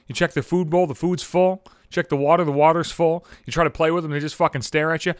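A man hosting a podcast, ranting with constant swearing, swinging between exasperated high-pitched outbursts and low mutters. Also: quick pace, few pauses, fairly bright tone, clear, resonant tone, dry recording, clean studio sound. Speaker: podcast host. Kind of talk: profane comedic rant.

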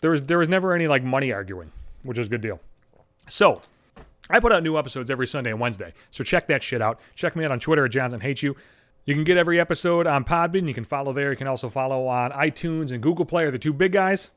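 A man's voice: medium pitch, expressive, quick pace. A man hosting a solo podcast, rambling through a casual monologue full of profanity. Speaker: podcast host.

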